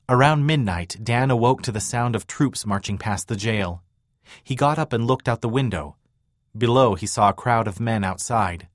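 A man narrating a scripted historical story in an even, measured way. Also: lowish voice, no room sound, clean studio sound.

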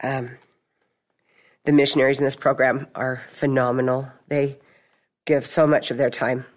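A middle-aged woman sharing her testimony at a recovery meeting, telling stories in a chatty, animated way. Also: rumbling low, moderate pace. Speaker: support group member.

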